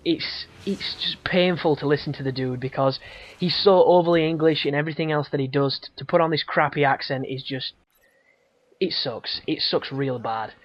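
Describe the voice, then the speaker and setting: A man's voice: a little high, normal speed, no room sound. Brief: raised-voice man riffing through a let's-play, profane and loose, on muffled lo-fi audio. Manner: rambling, profane, laughs often. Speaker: gameplay commentator. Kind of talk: casual let's-play commentary. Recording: dull lo-fi audio.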